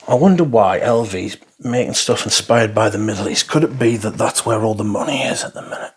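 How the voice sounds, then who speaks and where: A man's voice: fairly low pitch, brisk, few pauses, husky. Blunt, sweary man reviewing perfume. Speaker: fragrance reviewer. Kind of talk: casual first-impression review.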